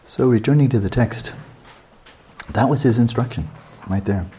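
A man guiding a meditation session as a teacher, unhurried and questioning, often checking in with his listeners. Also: medium pitch, dark tone, a little hiss or hum.

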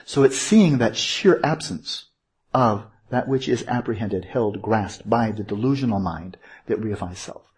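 A man's voice: lowish voice, unhurried, darkish tone, husky. A man giving an informal Buddhist teaching, digressive and self-correcting, posing rhetorical questions to his listeners. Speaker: meditation teacher.

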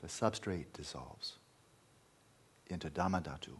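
A man's voice: low-pitched, lively intonation, measured pace, slightly rough. A man teaching meditation in a dharma talk, emphatic, repeating key words and at times dropping to a near-whisper.

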